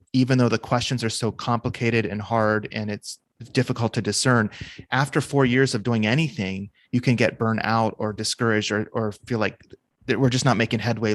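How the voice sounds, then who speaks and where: A man's voice: medium pitch, no room sound. A man co-hosting a podcast, speaking in a thoughtful, reflective way. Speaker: podcast co-host. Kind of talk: casual interview talk.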